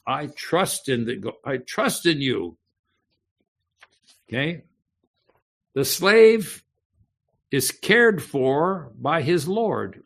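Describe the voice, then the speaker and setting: A man preaching a sermon, teaching slowly and deliberately and often checking in with his listeners. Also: on the high side, sing-song, creaky, fairly bright tone, slightly rough. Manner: slow, deliberate teaching with frequent "okay?" check-ins. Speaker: pastor.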